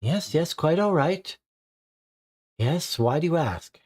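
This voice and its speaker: A woman's voice: deep voice, expressive, takes it slowly, a little mellow, husky, pitched above the performer's own voice, heavily acted. A man voicing a disheveled, secretive housewife who answers flustered and evasive, over-politely brushing off questions.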